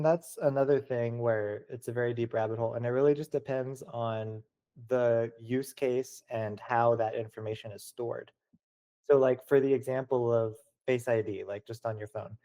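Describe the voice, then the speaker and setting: A young man answering interview questions casually, full of "like" and "kinda". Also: mid-range voice. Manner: relaxed, many "like" and "kinda" fillers.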